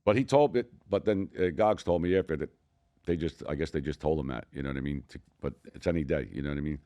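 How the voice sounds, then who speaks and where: Talking fast in a bass voice, this older Philadelphia-accented podcast co-host tells animated, meandering stories laced with profanity, all in a casual storytelling mode.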